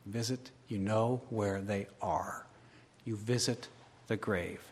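A male preacher delivering a sermon, moving from hushed storytelling to loud, impassioned crescendos. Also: fairly low pitch, steady tone, slow pace. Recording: long hall reverb.

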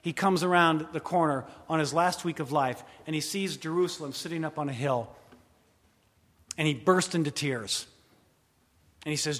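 In a large hall, a pastor with a slightly high voice delivers a dramatic sermon at normal speed, pausing often, swelling to loud emphasis and then dropping to hushed, intimate asides. His voice rings out with a long reverb tail.

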